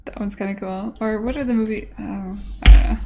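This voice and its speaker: A woman's voice: mid-range voice, fairly even intonation, fairly quick, noisy background. Rambling woman streaming game dev. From United States. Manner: rambling, filler-heavy, self-talk. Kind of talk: casual stream chat.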